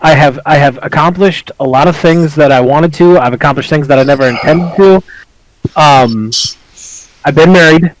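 A man's voice: medium pitch, no echo, poor audio. A man talking candidly and reflectively in a casual podcast conversation, chuckling now and then as he tells his stories. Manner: reflective, open, chuckles while telling stories.

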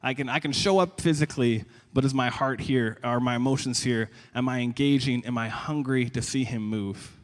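A young man preaching a sermon in a conversational, animated way, often stumbling and repeating words. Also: mid-range voice, moderate pace, hardly any pauses. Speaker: pastor. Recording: long reverb of a large hall.

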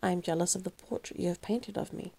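Vain young gentleman in anguish read by a woman, gravelly and husky, storybook reading. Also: lowish voice, fast talker. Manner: impassioned, pleading. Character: vain young man in anguish over aging.

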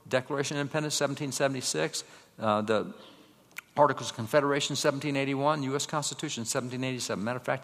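A man giving a slide-show lecture to an audience, telling stories, asking rhetorical questions and running through quick lists of names. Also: mid-range voice, a bit bright, big-room sound. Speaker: public speaker.

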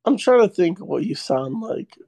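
A man trading quick quips in casual comedy podcast banter. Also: sits high, very animated, creaky, dark tone, no room sound.

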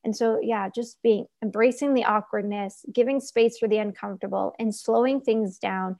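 A woman's voice: fairly high pitch, fairly even intonation, normal speed, vocal fry, darkish tone. A woman speaking as a guest, teaching in an earnest, explanatory way and often checking in with "right?" and "like". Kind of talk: conversational teaching.

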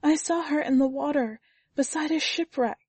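A woman's voice: sits high, moderate pace, a little mellow, no room sound, pitched above the performer's own voice, natural voice. A woman reader voicing a distraught young woman who pleads tearfully on a phone call with her dead mother. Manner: tearful, pleading, tripping over words.

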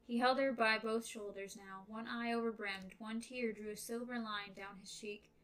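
A woman's voice: on the high side, steady tone, normal speed, few pauses, a bit bright, poor audio. A woman co-hosting a podcast, reading a novel aloud and chatting about it in a wry, easygoing way. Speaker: podcast co-host.

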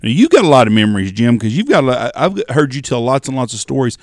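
A man's voice: mid-range voice, big pitch swings, quick pace, dry recording, clean studio sound. A man hosting a podcast, chatting casually and asking his guest leading questions in a folksy way. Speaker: podcast host. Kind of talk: casual interview chat.

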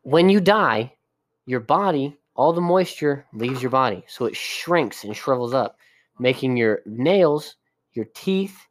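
A man's voice: medium pitch, expressive, measured pace. Male co-host, voice cracks, argumentative and certain of his facts. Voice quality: cracking voice from damaged vocal cords. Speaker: podcast co-host. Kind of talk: casual podcast banter.

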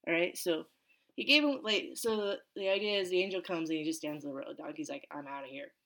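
A woman teaching a casual Bible study, reading verses and then chatting about them in an animated way that is full of asides. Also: on the low side, quick pace.

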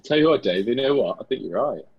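A British man co-hosting a comedy podcast, giving dry, deadpan replies in scripted pub banter. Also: mid-range voice, fast talker, husky, highs cut off. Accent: British English. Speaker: podcast co-host.

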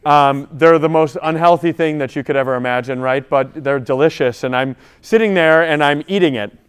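A man's voice: on the high side, moderate pace, clear, resonant tone. A man, a priest, telling a story and then preaching to a gathering of college students. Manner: storytelling, builds to preaching emphasis. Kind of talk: sermon.

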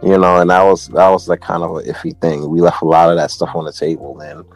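Low-pitched and flat in delivery, this fast-talking music producer recounts stories as an interview guest. His style is easygoing and slangy, with frequent "you know what I'm saying" fillers.

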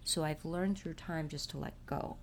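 Her voice is low and steady, moving at a normal speed, with a slight hiss or hum in the audio. The speaker is a mother who vlogs, chatting casually and confessionally with viewers about her faith and family.

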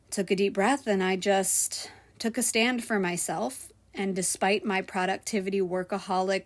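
Woman vlogging about a rough restaurant shift, candid, goes loud then real quiet. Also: medium pitch. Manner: candid, emotional, swings between loud and hushed. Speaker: restaurant server and writer. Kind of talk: personal storytelling vlog.

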